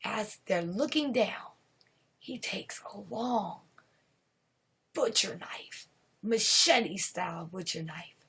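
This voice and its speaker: Slow-telling woman live streamer. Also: mid-range voice, husky. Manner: animated, drawn-out, breaks into shouts at the gory parts. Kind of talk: casual spooky storytelling on a live stream.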